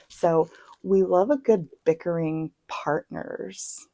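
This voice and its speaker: Low, gravelly-voiced chatty woman. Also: unhurried, a little mellow, no room sound, low-quality recording. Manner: chatty, self-deprecating, drops into asides and whispers. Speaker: book vlogger. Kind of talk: casual chat. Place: home.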